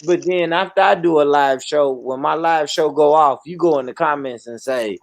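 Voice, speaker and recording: A man hosting a casual online panel chat, animated and slangy, often repeating himself. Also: a little high, moderate pace, creaky. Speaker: panel host.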